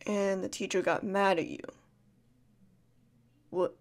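A woman in a whispered role-play as a caring friend, talking softly and soothingly, repeating comforting words and shushing gently. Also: mid-range voice, steady tone, slow pace. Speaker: ASMR creator playing a caring friend.

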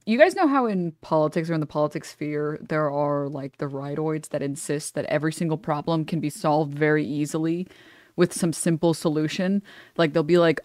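A woman's voice: sits low, normal speed, a little mellow, no room sound, clean studio sound. A woman streamer reacting to a clip at home, blunt and profane, rambling with jokes and at times keeping her voice down. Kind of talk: casual reaction commentary. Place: her apartment.

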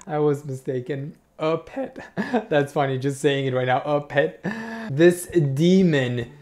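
A man's voice: on the high side, takes it slowly, darkish tone. A young man reacting to a clip with sarcastic, profane comments and exaggerated disgust.

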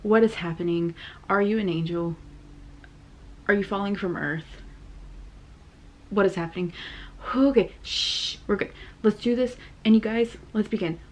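A young woman hosting a reaction video, excitable and swearing, with quick exclamations. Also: mid-range voice, slight background noise. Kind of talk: casual reaction commentary. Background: music playing.

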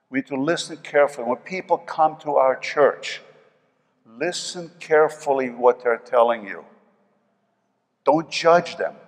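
An older man with a New York accent preaching a sermon as pastor, swinging between loud emphasis and soft asides. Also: mid-range voice. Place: church sanctuary. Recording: long reverb of a church hall.

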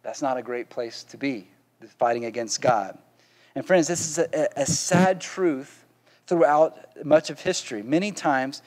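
Man preaching a sermon, kinda high voice, says "right?" a lot, repeats himself. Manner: repeats words, keeps asking "right?". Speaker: pastor.

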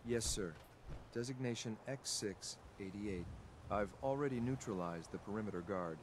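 A deep-voiced, emotionless synth agent, as a man acts him out delivers clipped military replies. His game dialogue sits under a clear bed of background noise. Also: moderate pace, lightly acted. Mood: flat, dutiful. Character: cold formal male synth agent soldier. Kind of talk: video game character dialogue.

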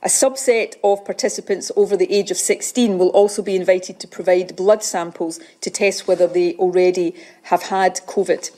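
A woman delivers a formal public health briefing in a measured, official manner, with an occasional "uh". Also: fairly low pitch, steady tone, mellow.

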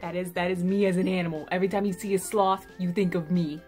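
A woman's voice: on the low side, level tone, fast, darkish tone, soft background music. A young woman YouTuber chatting casually to camera, bubbly and self-mocking.

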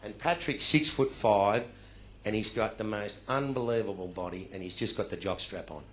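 A middle-aged Australian man telling comic stories to a live audience, acting out other people's lines in loud bursts. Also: on the low side, normal speed, a little hiss or hum. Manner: animated, acts out dialogue in loud bursts. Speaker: after-dinner speaker.

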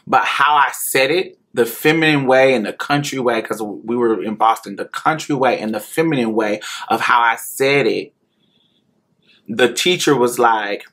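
Here a grown man from rural Indiana, accent to match, recounts something personal at an unhurried pace, frank and prone to laughter and repetition. The tone is sharp, the pitch mid-range.

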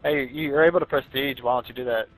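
A man's voice: medium pitch, steady tone, fast talker, low-quality recording. A young man taunting another player over online game voice chat, sarcastic and mock-sympathetic, recording his gameplay.

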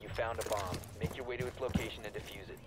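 A man voicing a calm adult male announcer in a tactical shooter, giving flat, matter-of-fact callouts. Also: fairly low pitch, fast talker, very noisy, natural voice. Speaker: in-game announcer. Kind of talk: game voice lines. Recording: game audio with music and gunfire.

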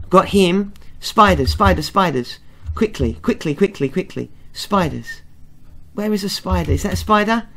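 A middle-aged man commentating his own video game play, talking to himself with excited, panicky exclamations. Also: high-pitched. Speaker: let's play gamer.

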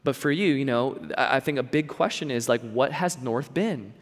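A man's voice: mid-range voice, normal speed. Man preaching in an echoey hall. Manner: conversational storytelling, lots of repeats and filler. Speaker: pastor. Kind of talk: sermon. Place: church hall.

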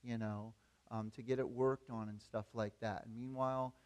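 A man's voice: medium pitch, flat delivery, normal speed, a little mellow. A man, the pastor, preaching a sermon in a conversational storytelling way that builds to emphatic preaching.

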